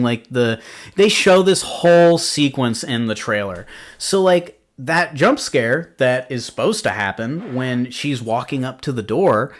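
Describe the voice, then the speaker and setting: A man's voice: mid-range voice, fairly bright tone. A young adult man hosting a podcast, chatting casually through a film recap with lots of filler words and rambling asides. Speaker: podcast host. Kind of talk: casual film review chat.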